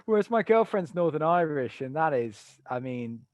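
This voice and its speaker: A man's voice: a little high, very animated, moderate pace, no echo, muffled recording. A man in his thirties with a British accent, a stand-up comic chatting as a podcast guest and telling jokey anecdotes with acted-out voices. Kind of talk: casual podcast chat.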